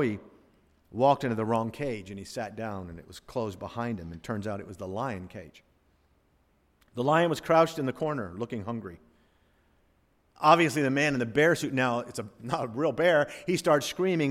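A man preaching a sermon as pastor, dropping to a hush and then rising to a boom. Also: in a large hall. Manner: preacherly, swings from hushed to booming.

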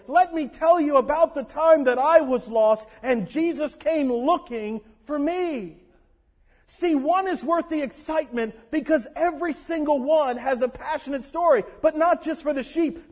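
A man preaching a sermon in an animated, conversational way, breaking out into shouts. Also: extremely high pitch. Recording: long echo of a large hall.

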